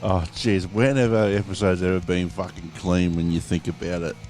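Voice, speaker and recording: Aussie bloke hosting a podcast, really low voice, swears a lot, faint music behind. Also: male voice, little pitch movement, moderate pace, darkish tone. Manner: laughs often, swears freely. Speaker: podcast co-host. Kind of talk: casual chat.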